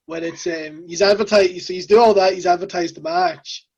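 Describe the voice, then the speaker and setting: A woman's voice: lowish voice, fairly even intonation, a little mellow, husky. A woman with a Scottish accent hosting a casual interview, chatty and joking. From Scotland. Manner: chatty, joking, quick asides. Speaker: host. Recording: dull lo-fi mic sound.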